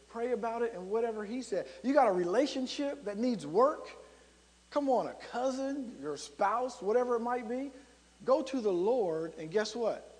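A man's voice: extremely high pitch, animated, normal speed, darkish tone, long reverb tail. A man preaching a sermon as a pastor, conversational and storytelling, driving points home with emphatic repetition.

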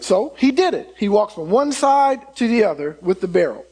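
A man's voice: high-pitched, big pitch swings, brisk, darkish tone, breathy edge. A man preaching a sermon, stretching key words for emphasis and voicing the people in his stories. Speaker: pastor.

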